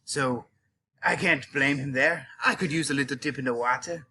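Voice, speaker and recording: A man's voice: medium pitch, moderate pace, pushed and bright, slight background noise. A male teacher with a cold, hamming it up as a safari guide in a playful mock nature documentary and tossing out Aussie slang. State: has a cold.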